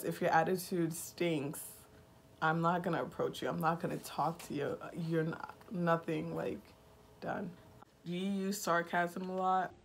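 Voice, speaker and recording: Slow, monotone young woman from Nigeria. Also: fairly low pitch, a little hiss or hum. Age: 20s. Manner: monotone, dry sarcastic delivery; slow-talking. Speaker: vlogger. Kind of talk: casual get-to-know-me vlog.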